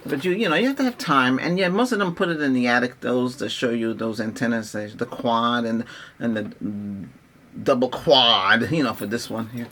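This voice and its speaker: A man's voice: medium pitch, moderate pace, a bit bright. A middle-aged man rambling in an exasperated, casual rant as a tech vlogger, restarting his sentences often. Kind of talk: casual ranting vlog.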